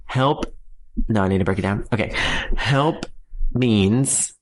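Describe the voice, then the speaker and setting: A man's voice: on the low side, slow. Chatty guy therapist on a podcast, jokey, laughs a lot, keeps restarting his sentences. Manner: playful, laughs often, restarts to explain. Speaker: occupational therapy clinician, co-host. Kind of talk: casual podcast chat.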